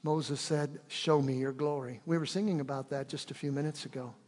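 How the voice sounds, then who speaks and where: A man preaching in a church, his voice high and passionate. He swings between loud, fervent peaks and soft, prayerful stretches. The sound carries the long reverb of a large hall. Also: fairly even intonation, fairly quick. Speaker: pastor. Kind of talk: sermon. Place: church sanctuary.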